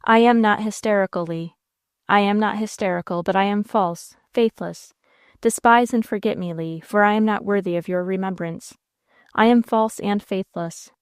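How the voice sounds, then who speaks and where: A woman's voice: medium pitch, moderate pace, smooth, dry recording, clean studio sound, lightly acted. A woman voicing a distraught, tearful young woman who speaks in a sobbing, faltering way in a storybook reading.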